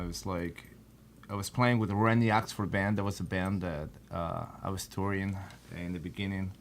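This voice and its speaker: Low-voiced man. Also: a little hiss or hum. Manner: halting, many fillers and restarts. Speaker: guest guitarist. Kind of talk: casual interview chat.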